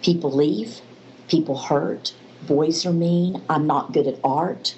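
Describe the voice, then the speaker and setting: Woman telling a story with warmth. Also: low-pitched, takes it slowly, dull audio, a little hiss or hum. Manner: animated storyteller, acts out quoted voices. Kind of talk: storytelling in a faith-based interview.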